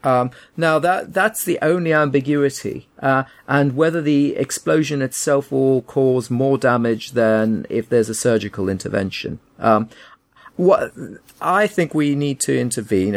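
A man co-hosting a chat podcast, pressing his views with emphatic restarts. His voice has a gravelly fry at a mid pitch. The talk is loose and combative. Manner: opinionated, emphatic, with frequent restarts. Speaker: podcast co-host. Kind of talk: casual argumentative chat.

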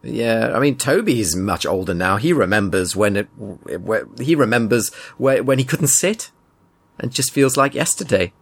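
A man's voice: fairly low pitch, expressive, normal speed, vocal fry, breathy edge. A man, co-hosting a podcast with dry, mock-pedantic teasing in casual chat. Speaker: podcast co-host.

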